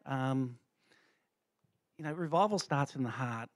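A man's voice: mid-range voice, measured pace, no echo. Rambling man giving a testimony. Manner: rambling, conversational, many fillers and restarts. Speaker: lay speaker sharing a testimony. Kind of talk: informal church testimony.

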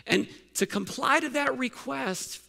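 A man preaching a sermon with a high, gravelly voice. His tone is bright and edgy, and he keeps asking his congregation pointed questions with casual fillers and restarts. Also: measured pace. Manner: conversational, asks many questions with fillers and restarts. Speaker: pastor.

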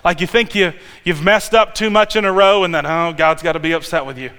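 High, bright-voiced preacher man in a hall. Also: brisk, clean tone. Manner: animated, conversational preaching with restarts and sudden loud peaks. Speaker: pastor. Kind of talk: sermon. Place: church sanctuary. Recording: long hall reverb.

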